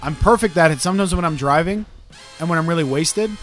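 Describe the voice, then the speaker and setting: A man hosting a podcast, telling stories and teasing his friends in crude, quick banter. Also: on the high side, a bit bright, soft background music. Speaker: podcast host.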